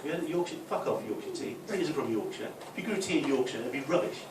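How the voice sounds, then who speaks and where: A young man from the North East of England with a softened Geordie accent, doing a chatty stand-up routine. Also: on the high side, expressive, fast talker. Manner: chatty, with tag questions; loud put-on voices for punchlines. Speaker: stand-up comic. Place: club function room. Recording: echoey room, distant, noisy.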